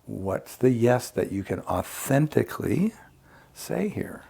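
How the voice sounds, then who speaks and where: Gravelly man explaining mediation calmly. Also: medium pitch, slow, in a whisper. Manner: reflective, explains with acted examples. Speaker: conflict mediator guest. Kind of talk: casual podcast conversation.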